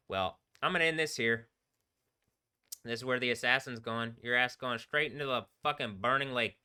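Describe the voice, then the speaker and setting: In rambling, profane solo livestream talk, a man with a medium-pitched voice speaks at normal speed, laughing between remarks. His tone is bright, forceful and clean, captured on a computer microphone.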